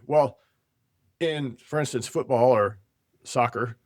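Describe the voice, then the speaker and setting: A man's voice: on the high side, animated, moderate pace, no echo. Chatty male podcast host, dry sound. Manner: jokey, talks in long run-on sentences. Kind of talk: casual business chat.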